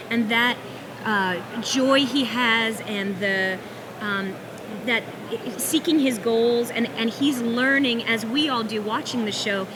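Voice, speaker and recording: A voice actress answering interview questions at a comic convention, bubbly and gracious. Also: female voice, on the high side, noisy background. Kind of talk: casual interview.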